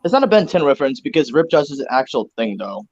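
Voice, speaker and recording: A man co-hosting a casual online fan discussion, animated and eager to add trivia. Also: mid-range voice, fast talker, muffled recording. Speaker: co-host.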